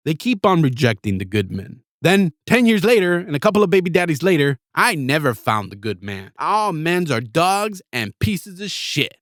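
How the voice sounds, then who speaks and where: A man's voice: on the high side, big pitch swings, moderate pace, few pauses, fairly bright tone, no room sound, studio quality. A man hosting a podcast, ranting through a blunt, heavily profane monologue. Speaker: podcast host.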